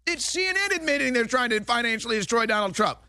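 A man's voice: very high voice, expressive, fast, bright, forceful tone, smooth, no room sound, studio quality. A man hosting a political talk show, delivering heated, sarcastic, indignant commentary.

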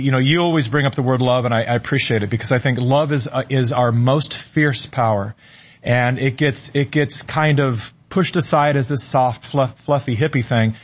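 A middle-aged man, a guest on a talk show, telling a personal story in an earnest, halting way and repeating words as he searches for them. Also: medium pitch.

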